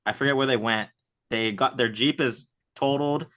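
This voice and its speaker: A man co-hosting a podcast in casual chat, relaxed and thinking aloud. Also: mid-range voice, normal speed. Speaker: podcast co-host.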